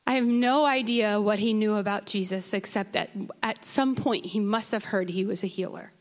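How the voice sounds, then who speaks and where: In a church sanctuary, a woman preaches a sermon in a medium-pitched, steady voice at normal speed. She shifts from conversational asides with the congregation to impassioned calls, rising at times to crying out.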